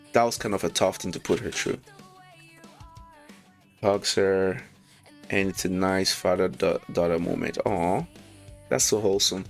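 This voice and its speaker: A man casually reviewing a manga chapter, reading lines aloud, excited and slangy, laughing often. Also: sits low, gravelly. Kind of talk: casual read-along commentary.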